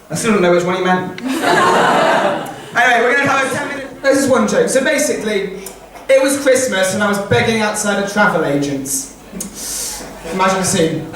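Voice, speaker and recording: A man's voice: high-pitched, lively intonation, brisk, a bit bright, slight background noise. A young man compering a stand-up comedy show, telling rambling, self-mocking stories into a handheld mic. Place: live comedy show in a campus venue. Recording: echoey room from a distance with audience. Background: audience laughter.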